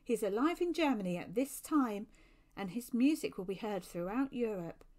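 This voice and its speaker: Earnest, kindly male angel guide, raised and bright, read by a woman narrator. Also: medium pitch, lively intonation, moderate pace, close to an everyday voice.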